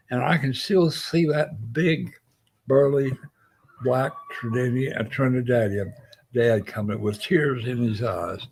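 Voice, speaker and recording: A man's voice: medium pitch, vocal fry, slightly rough. An older man, a Navy veteran, telling a long personal story as an interview guest and acting out what others said. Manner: lively storyteller who acts out quoted voices. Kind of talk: spoken anecdote.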